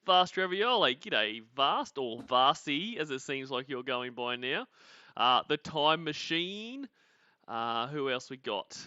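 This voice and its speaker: A man's voice: mid-range voice, sing-song, takes it slowly, bright, forceful tone, smooth, no echo, muffled recording. An Australian man hosting a casual livestream, rambling, laughing often and greeting viewers. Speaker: podcast host.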